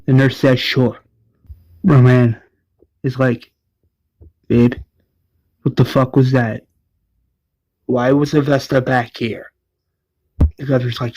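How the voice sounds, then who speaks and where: A man's voice: medium pitch, steady tone, slow pace, long pauses, darkish tone, poor audio. A man casually recapping an episode, relaying each character's lines with "is like" and often restarting his sentences. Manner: retells scenes with "is like" quotes and frequent restarts.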